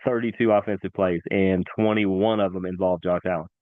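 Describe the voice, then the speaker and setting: A man hosting a casual sports talk show, excitable and animated, repeating himself for emphasis. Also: deep voice, brisk, dry recording. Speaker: sports podcast host. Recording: dry, tinny phone-like sound.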